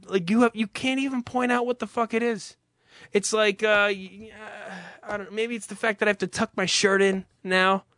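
A man's voice: sits high, sharp tone, dry recording, clean studio sound. A young man hosting a podcast, ranting in an irritated, profane, unscripted way, then reading an ad. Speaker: podcast host. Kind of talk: profane rant and ad read.

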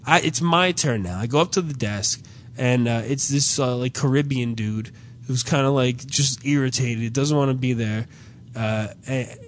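A man's voice: mid-range voice, normal speed, a little hiss or hum. A man casually telling a comedic story, profane and exasperated, acting out the people in it. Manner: profane, exasperated, acts out quoted dialogue. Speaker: storyteller in podcast chat.

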